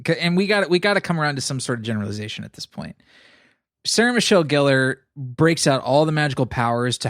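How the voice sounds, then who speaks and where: A man co-hosting a movie podcast in casual chat, blunt and expressive, swearing freely. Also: mid-range voice, no echo, clean studio sound. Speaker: podcast co-host.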